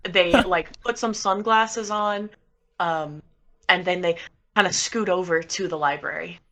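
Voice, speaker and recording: A woman's voice: lowish voice, steady tone, a little slow, a bit bright, a little hiss or hum. A woman playing in a tabletop game, rambling playfully and cutting herself off mid-word. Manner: rambling, self-interrupting, playful. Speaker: player. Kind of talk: tabletop role-play chat.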